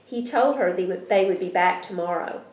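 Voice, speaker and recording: A woman reading a children's storybook aloud, with an expressive delivery. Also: mid-range voice, normal speed, heavy background noise. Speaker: reader. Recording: roomy echo.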